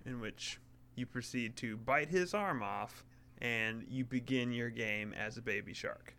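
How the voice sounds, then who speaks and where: Relaxed man explaining a game. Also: mid-range voice, a little slow. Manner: relaxed, explanatory, lots of fillers. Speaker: podcast co-host. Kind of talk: casual gaming chat.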